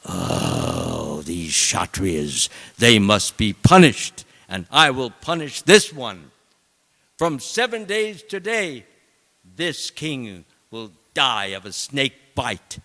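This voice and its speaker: A man's voice: mid-range voice, very animated, slow, vocal fry, pushed and bright, voice pushed down, exaggerated voice. A man voicing a hot-headed young sage's son who utters a vengeful curse, in a temple hall with long reverb. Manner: vehement, cursing.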